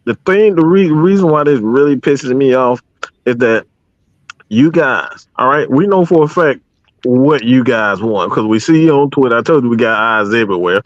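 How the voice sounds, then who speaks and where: A man's voice: medium pitch, animated, moderate pace, no echo. A man on a live stream who rants in a fired-up, profane way and trips over his own words as he restarts. The sound is dry and a little dull. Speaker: podcast co-host. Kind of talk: heated live stream rant.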